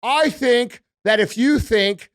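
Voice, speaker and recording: A man doing a mocking impression of a rambling, circular female politician who speaks slowly and haltingly. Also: fairly high pitch, no room sound, voice pushed up. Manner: mocking, drawn-out and slow. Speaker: impression by the host.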